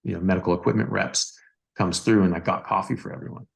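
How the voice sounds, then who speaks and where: A deep-voiced man with a gravelly edge tells a story on a podcast. He talks casually as a doctor guest, circling back with fillers and doubled words. His delivery stays animated and loose. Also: quick pace.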